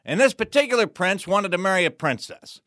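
A man's voice: high-pitched, very animated, fairly quick, sharp tone, no room sound, clean studio sound. A man telling a folk tale in a folksy, playful way with wry asides. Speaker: storyteller. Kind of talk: performed folk tale narration.

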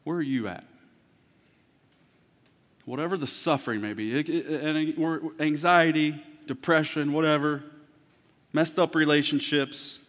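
A man preaching a sermon as pastor, moving from hushed, intimate talk to loud, impassioned preaching. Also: a little high, unhurried, pauses often. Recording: long hall reverb.

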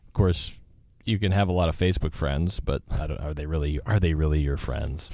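A man's voice: a bass voice, a little fast, dry recording. A man hosting a live radio talk show in a studio, chatting casually with many fillers. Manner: relaxed, rambling, many fillers.

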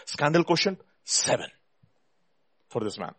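A man preaching a sermon, reading scripture and hymn verses with rising, swelling emphasis and dropping to quiet asides to his listeners. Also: medium pitch, expressive, moderate pace. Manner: addresses listeners as "my dear brothers".

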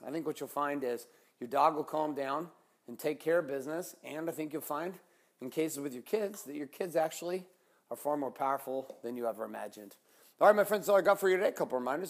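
A man's voice: on the high side, no room sound. A middle-aged man hosting a motivational podcast, talking in an intense, emphatic and blunt way, with some swearing. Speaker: podcast host. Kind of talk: motivational monologue.

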